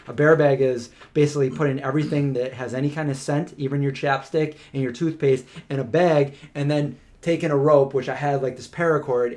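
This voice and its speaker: A man co-hosting a live question-and-answer stream, telling a story in a casual, animated way with lots of filler words. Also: medium pitch. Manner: animated, chatty, many "like" fillers.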